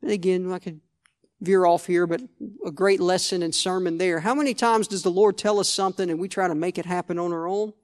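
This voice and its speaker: A man's voice: high voice, steady tone, brisk. A male pastor preaching a sermon, conversational, restarting phrases and asking the congregation "Amen?".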